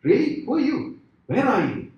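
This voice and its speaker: A man voicing a frantic, panicking man who pleads for rescue in a high, shrill voice. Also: very animated, normal speed, darkish tone, muffled recording. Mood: panicked. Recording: echoey hall from far off.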